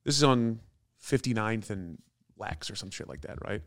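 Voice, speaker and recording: Comedian guy telling a wild story, swears a lot, gets loud and animated. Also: on the low side, moderate pace, gravelly. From not from New York. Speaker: comedian guest. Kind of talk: casual storytelling.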